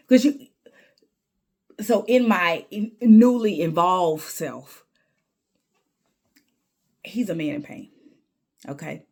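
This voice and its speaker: A woman's voice: on the low side, takes it slowly, pauses often, a little mellow. A woman vlogger telling a candid story in an emphatic way, repeating words when she gets worked up.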